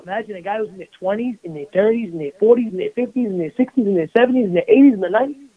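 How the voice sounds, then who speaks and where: A man's voice: high voice, very fast, slightly rough. A rabbi giving a passionate sermon, mixing Hebrew terms into his preaching. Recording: tinny phone-like radio broadcast.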